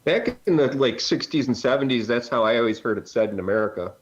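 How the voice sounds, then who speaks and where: A man's voice: mid-range voice, expressive, fast, husky, dull audio. A man chatting easily as a guest in a casual group video call.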